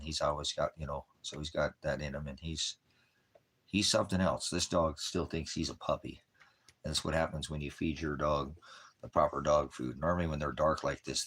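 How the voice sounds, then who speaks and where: A man chatting casually to his viewers, rambling with fillers, sometimes cooing at his dogs in a high sing-song voice. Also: fairly bright tone, slightly rough. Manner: rambling, with many fillers and restarts. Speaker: vlogger. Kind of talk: casual talk to camera.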